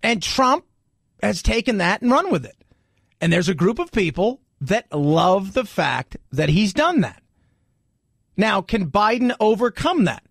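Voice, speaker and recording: A man's voice: high voice, sing-song, unhurried, gravelly, a bit bright, no echo, clean studio sound. A man hosting a political commentary show, talking in a loose conversational way with rhetorical asides. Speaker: host.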